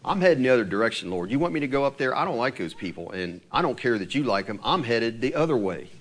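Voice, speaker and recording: A preacher playing a defiant runaway prophet. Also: male voice, mid-range voice, sing-song, fast talker, a bit bright, pitched below the performer's own voice. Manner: defiant, dismissive. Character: stubborn runaway prophet, defiant grown man.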